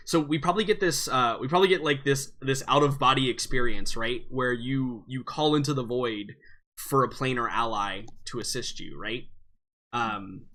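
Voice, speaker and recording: Bright-voiced male game master. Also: mid-range voice. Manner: halting, many fillers and restarts. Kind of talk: narrating a tabletop game.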